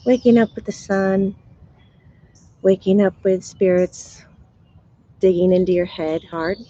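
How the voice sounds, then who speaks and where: A woman's voice: medium pitch, unhurried, mellow, highs cut off. A woman hosting a live stream as a spiritual medium, chatting casually with viewers, sounding tired in her morning voice and laughing often.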